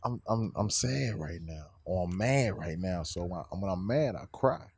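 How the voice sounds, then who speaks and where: A man's voice: sits low, lively intonation, measured pace, vocal fry, a little mellow, slightly rough, no echo. A man, talking casually, asking probing questions and often calling his friend "bro". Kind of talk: casual conversation.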